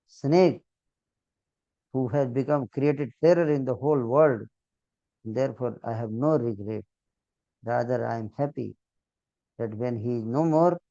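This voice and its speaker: A man with a gravelly, mellow voice preaching a scripture story to his listeners. He talks gently and repeats himself, dropping in small asides. The sound is dry and a little dull, like a lo-fi recording. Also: medium pitch, no room sound.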